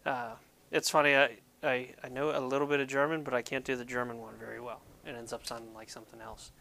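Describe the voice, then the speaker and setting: A man's voice: mid-range voice, level tone, quick pace, gravelly, sharp tone, a little hiss or hum. A man hosting a casual devotional talk to viewers, jokey and rambling, poking fun at himself. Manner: jokey, rambling, self-deprecating. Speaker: ministry video host. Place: Pennsylvania.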